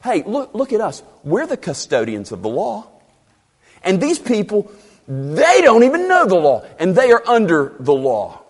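A preacher putting on a sneering, haughty religious leader. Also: male voice, huge pitch swings, unhurried, slightly rough, exaggerated voice. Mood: scornful. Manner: sneering, mocking, high-pitched. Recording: long reverb of a large hall.

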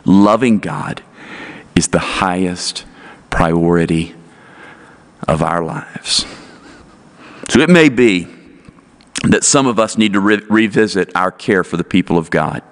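A man with a low, deep voice preaches a sermon from the pulpit. His delivery is earnest and emphatic, and he drives each point home with one rhetorical question after another. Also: expressive, slow pace, long pauses. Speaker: pastor.

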